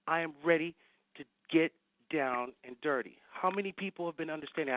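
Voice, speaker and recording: A man, a science fiction writer, telling an animated anecdote as a guest and acting out the people he quotes. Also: on the high side, no room sound, narrow, tinny audio. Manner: lively storyteller acting out quoted voices.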